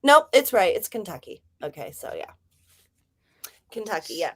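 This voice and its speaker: A woman's voice: medium pitch, big pitch swings, moderate pace. An American woman chatting casually on a livestream, bubbly and thinking aloud. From United States. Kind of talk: casual chat on a writing stream break.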